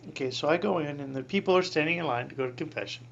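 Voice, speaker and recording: A man in his sixties, a priest, telling a personal story in an interview, animated, acting out voices and laughing often. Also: fairly high pitch, very fast, vocal fry, dull audio.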